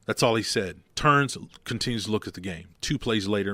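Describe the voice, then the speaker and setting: A man's voice: lowish voice, brisk, hardly any pauses, bright, forceful tone, no echo, studio quality. A man hosting a motivational podcast, talking bluntly and telling stories with emphasis. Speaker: podcast host.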